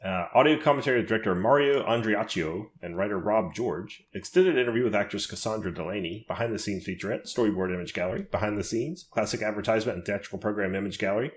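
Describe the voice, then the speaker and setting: A man's voice: lowish voice, fast, hardly any pauses. A man co-hosting a horror podcast in casual chat, laughing often and reading release listings aloud. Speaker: podcast co-host.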